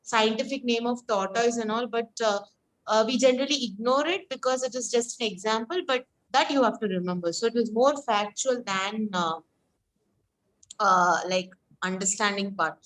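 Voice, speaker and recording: Woman, online tutor; casual, halting delivery over a call. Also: a little high, fairly bright tone, low-quality recording. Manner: casual, halting, many fillers. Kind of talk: online one-to-one lesson. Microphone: video call.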